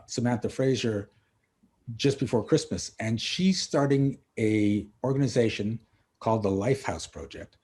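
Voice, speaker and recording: Man, middle-aged, coach, husky voice, animated storyteller. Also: fairly low pitch, normal speed. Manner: animated storyteller acting out dialogue. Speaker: coach and author, podcast guest. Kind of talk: casual interview storytelling.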